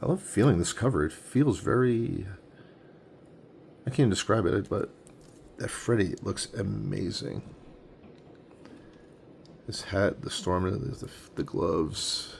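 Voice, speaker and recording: A man in his forties chats through an unboxing at home, thinking aloud with easy enthusiasm. His voice sits low with a gravelly edge, and a faint noise floor runs beneath the recording. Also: takes it slowly, long pauses, a little mellow. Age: 40s. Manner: enthusiastic, thinking aloud while handling items. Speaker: comic collector unboxing comics. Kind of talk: casual unboxing vlog. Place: home room with a tripod-mounted camera.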